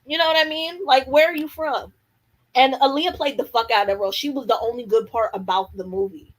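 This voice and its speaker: A woman's voice: sits high, fairly even intonation, fairly quick, poor audio. A young woman hosting a casual livestream, candid and opinionated, talking in slang and answering viewer comments. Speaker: livestream host. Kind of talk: casual live-stream chat reacting to viewer comments.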